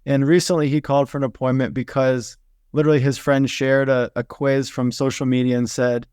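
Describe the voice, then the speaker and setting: A male psychiatrist hosts the podcast and lays out his points in a measured, explanatory way. His voice is smooth and resonant. The recording is dry and close. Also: mid-range voice, flat delivery, a little mellow, no echo. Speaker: psychiatrist host. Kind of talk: podcast conversation.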